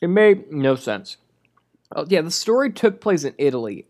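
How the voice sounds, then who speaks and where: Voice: mid-range voice, very animated, moderate pace, darkish tone. A movie reviewer delivering a comedic rant in a sarcastic, crude and exasperated way.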